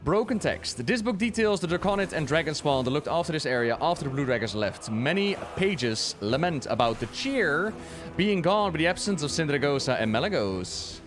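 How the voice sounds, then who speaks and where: Dude streaming a game, kinda high voice, rambling lore and cracking jokes, faint game music. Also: male voice, sing-song, normal speed. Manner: chatty, joking, swears casually. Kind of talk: casual lore commentary while playing.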